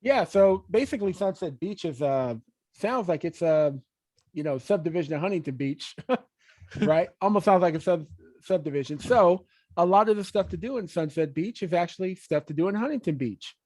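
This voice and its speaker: A laid-back man co-hosts a casual podcast and rambles easily through local tips. His voice sits a little higher than most men's, and it sounds dry and close to the mic. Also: expressive, moderate pace, darkish tone, no room sound. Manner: easygoing and rambling, with many "uh" and "you know". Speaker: podcast co-host, mortgage broker.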